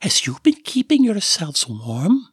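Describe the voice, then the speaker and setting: A man voicing a playful, doting woman in a high sing-song tone in an audiobook. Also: huge pitch swings, a little slow, husky, dry recording, clean studio sound, exaggerated voice.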